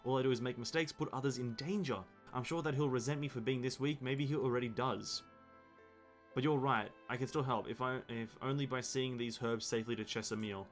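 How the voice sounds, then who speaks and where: Casting: a fretful young girl full of self-blame, read plainly by a man, mid-pitched, game dialogue. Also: fairly even intonation, brisk, faint music behind, lightly acted. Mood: worried. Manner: reads game dialogue aloud in his own voice. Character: anxious guilt-ridden young girl.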